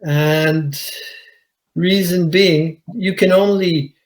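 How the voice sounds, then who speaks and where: A man, a commercial diver, telling his own story at a conference in a measured way, with pauses. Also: high-pitched, steady tone, rough recording. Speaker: commercial diver giving a talk. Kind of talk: conference presentation, personal account. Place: conference hall.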